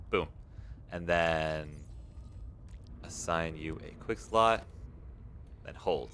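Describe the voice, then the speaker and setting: A man's voice: low voice, drawn-out words, pauses often, a bit bright, slight background noise. A young man streaming a game late at night, chatting casually, reading viewers' messages aloud and encouraging them. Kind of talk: casual live-stream chat while gaming.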